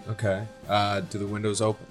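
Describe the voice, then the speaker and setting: Casting: quiet player, man, low voice, faint music. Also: completely flat delivery, brisk. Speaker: tabletop game player.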